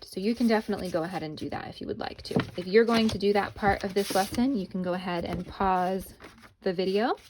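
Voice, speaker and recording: A cheerful young woman with a fairly low, slightly mellow voice gives children a casual video lesson, chatting with them and calling them "guys." She holds her phone as the mic, and there is a slight hiss or hum in the audio.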